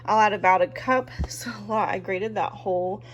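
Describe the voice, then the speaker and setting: A woman casually chatting through a home cooking vlog in her kitchen, relaxed and joking, with plenty of ums. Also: medium pitch, fairly quick, highs cut off. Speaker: cooking vlogger.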